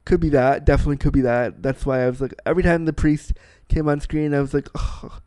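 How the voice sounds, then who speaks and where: A man's voice: a little high, steady tone, quick pace, a little mellow, no echo. A man in his thirties giving a candid, casual film review, blunt and profane, with self-deprecating asides.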